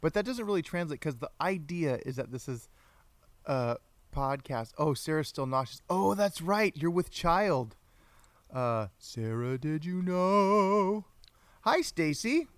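A man's voice: fairly high pitch, big pitch swings, unhurried, no room sound. Playful man hosting a chatty podcast. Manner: chatty, playful, greets viewers by name. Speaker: podcast host. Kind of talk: casual chat on a livestreamed podcast.

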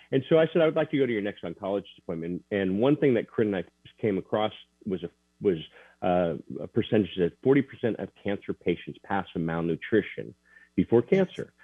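A man recounting a personal story as an interview guest, earnest and halting, with many restarts. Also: on the low side, breathy edge, no echo. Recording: tinny dry phone line.

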